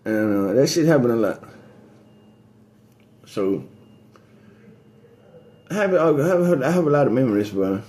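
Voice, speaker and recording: A man in a rambling, casual monologue, telling a loose, profane story that drifts between topics and climbs higher when he gets going. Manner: rising pitch on excited story beats.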